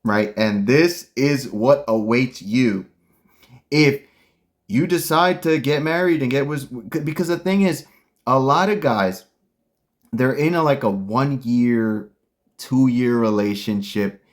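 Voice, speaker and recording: A man's voice: mid-range voice, slow. A man hosting a casual commentary, ranting bluntly and heatedly with lots of slang. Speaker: commentary host.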